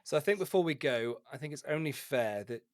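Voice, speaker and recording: A man hosting a gaming podcast, recorded dry and close with no room sound. His pitch sits in the ordinary middle. He keeps things moving with short affirming remarks. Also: animated, no echo. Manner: affirming, quick agreeing interjections. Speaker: podcast host. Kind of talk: casual podcast chat.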